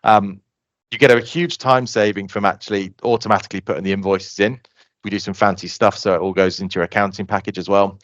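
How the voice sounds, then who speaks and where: A man, a guest on a podcast, explaining his software eagerly and acting out customers' lines. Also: lowish voice, no room sound, dull audio. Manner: fast, animated explaining, acts out customer quotes. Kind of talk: casual podcast interview.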